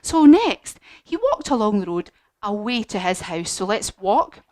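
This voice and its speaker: A woman leading a children's yoga lesson as a story, animated and encouraging. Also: medium pitch, unhurried, no echo. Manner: animated, encouraging, sing-song. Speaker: kids yoga teacher.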